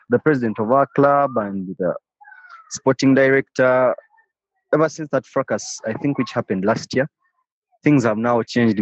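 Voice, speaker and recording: A man's voice: mid-range voice, darkish tone, dry recording. A man, telling a passionate story in an interview and often repeating and restarting phrases. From Uganda. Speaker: interviewee, football fan. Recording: dry, slightly dull recording.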